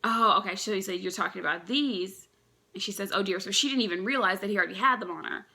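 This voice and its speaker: A young woman reacting live to a comic chapter, chatty and excited, thinking aloud with frequent restarts. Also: medium pitch, quick pace, creaky. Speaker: manga reaction vlogger.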